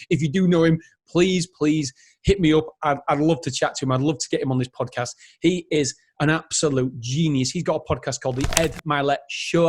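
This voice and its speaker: A man in his thirties hosting a solo motivational podcast, talking with energy and rambling, often stopping to correct himself. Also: on the high side. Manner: energetic, rambling, self-interrupting. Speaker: podcast host.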